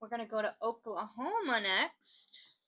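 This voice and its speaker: A woman's voice: on the high side, sing-song, a little slow, pushed and bright, rough recording. A woman hosting a crafting channel, chatting casually and joking as she reads out odd laws. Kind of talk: casual chat while crafting.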